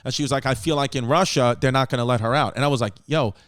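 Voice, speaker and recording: A man hosting a comedy podcast, with a smooth, resonant voice recorded dry and close. He rambles through stories and acts out his friends' words. He swears casually along the way. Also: medium pitch, quick pace, a bit bright, no echo. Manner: rambling storytelling, acting out quoted friends. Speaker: podcast host.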